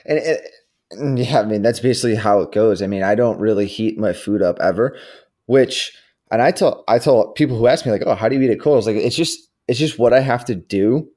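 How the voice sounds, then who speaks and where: A man co-hosting a casual podcast chat who rambles, uses lots of fillers and throws in quick asides. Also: lowish voice, a little mellow. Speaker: podcast co-host.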